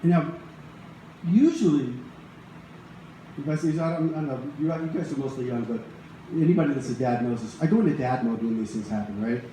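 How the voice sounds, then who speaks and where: A man's voice: medium pitch, a little fast, long pauses, warm tone. Middle-aged man telling a rambling story in a very echoey room. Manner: conversational, rambling, many restarts and asides. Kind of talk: personal storytelling to a live audience. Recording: very echoey room, faint ambient noise.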